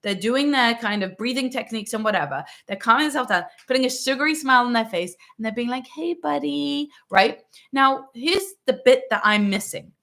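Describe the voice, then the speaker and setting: A woman's voice: a little high, lively intonation, fairly quick, hardly any pauses, a bit bright. A woman hosting a parenting channel, answering a viewer's question in a casual, emphatic monologue that often checks in with "right?" and "okay". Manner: acts out quoted parents in little voices.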